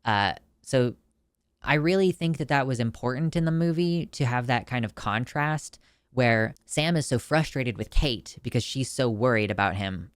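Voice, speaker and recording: A man talks through a film review in a loose, chatty way, circling back and restarting his sentences as he goes. His voice sits at a middle pitch and comes across smooth and clear. The sound is dry, with no room echo. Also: moderate pace. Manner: chatty and emotional, full of "like" fillers and restarts. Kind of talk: casual video film review.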